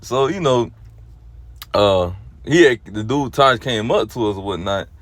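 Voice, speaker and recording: Man, lay teacher, casual rambling exhortation, heavy fillers, swings from subdued to animated, dry close mic. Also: a little slow, no room sound. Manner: rambling, heavy on fillers like "you know" and "or whatnot"; starts low and subdued, then grows loud and animated.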